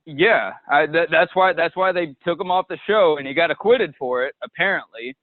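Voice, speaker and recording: A man calls in to a podcast to bluntly air his gossip. His voice sits a little high. It comes through a dry, tinny phone line. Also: moderate pace, no echo. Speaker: caller. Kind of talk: call-in complaint.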